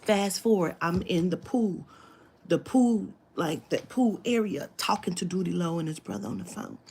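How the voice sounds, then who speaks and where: A woman telling a story to camera, animated and profane, dropping into whispered asides. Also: fairly low pitch, normal speed, creaky, a little hiss or hum. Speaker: spiritual reader telling a story.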